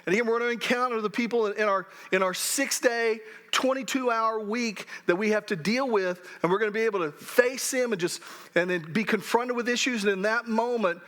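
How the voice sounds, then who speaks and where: A middle-aged man with a rather high voice preaches in a church. He talks to the congregation in an easy, conversational way and often restarts his sentences as he works through a point. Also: fairly quick, a bit bright. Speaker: pastor. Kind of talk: sermon. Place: church sanctuary.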